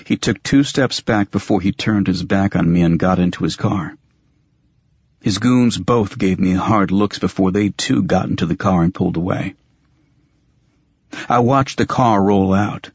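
Slow gravelly male audiobook narrator. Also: low voice, no room sound. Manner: wry and measured. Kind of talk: first-person audiobook narration. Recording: dull dry recording.

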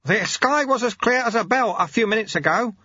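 Young male apprentice, scared and straining, played by a man; high, husky voice. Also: expressive, a little fast, dry recording, lo-fi sound, heavily acted. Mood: panicked. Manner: strained, panicky shouting.

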